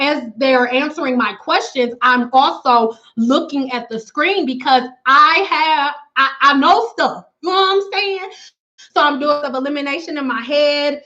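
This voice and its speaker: A woman's voice: high-pitched, a bit bright, highs cut off. A woman hair stylist chatting casually on a live stream with viewers, talking in a blunt, frank and slangy way. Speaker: natural hair stylist and consultant.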